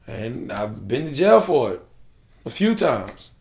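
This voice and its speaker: Gravelly man from South Carolina. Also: medium pitch, slow, roomy sound. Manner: casual, slangy, animated storytelling. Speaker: guest. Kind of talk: storytelling in an interview.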